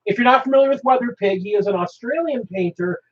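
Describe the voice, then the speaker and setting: A man's voice: very high-pitched, quick pace. A man hosting a live stream, chatting casually in a rambling, joking way with frequent laughter. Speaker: host. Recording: dull lo-fi stream audio.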